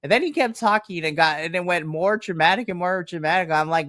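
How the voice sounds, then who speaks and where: A man's voice: high voice, a little fast, hardly any pauses, no echo, clean studio sound. A man co-hosting a wrestling review podcast, talking casually and acting out what people said as he retells it. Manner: animated, slips into mock dialogue when retelling. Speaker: podcast co-host.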